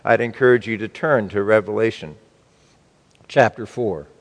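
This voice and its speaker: A man preaching a sermon to his congregation, slow and emphatic, with wide swings between loud and soft. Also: fairly low pitch, big-room sound. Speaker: pastor.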